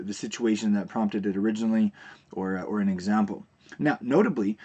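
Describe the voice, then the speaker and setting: A man teaching a recorded video lesson, explaining terms in a relaxed way with frequent fillers and restarts. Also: fairly low pitch, slightly rough.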